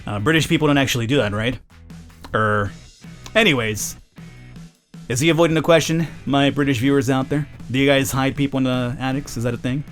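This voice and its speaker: A man's voice: mid-range voice, a little fast, fairly bright tone, faint music behind. A man hosting a let's play, reading a story game aloud and breaking off for joking, self-mocking asides. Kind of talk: reading a visual novel aloud with jokey asides.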